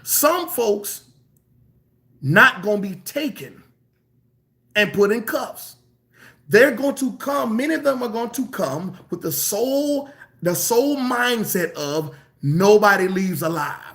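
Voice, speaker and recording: A man preaches a sermon in an emphatic, colloquial style, repeating phrases for emphasis and stretching some words out slowly. His voice sits high, with lively intonation and a slightly bright tone.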